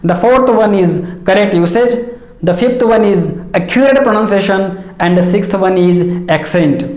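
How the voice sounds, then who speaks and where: A woman giving a measured, explanatory lesson, repeating key phrases. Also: mid-range voice, a little mellow. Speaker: English teacher. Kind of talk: instructional lecture. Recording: echoey room.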